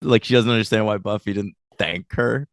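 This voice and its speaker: A man's voice: on the low side, a little fast, vocal fry, dry recording, studio quality. A man co-hosting a podcast, chatting casually, laughing easily and explaining plot points. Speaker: podcast co-host. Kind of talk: casual recap chat.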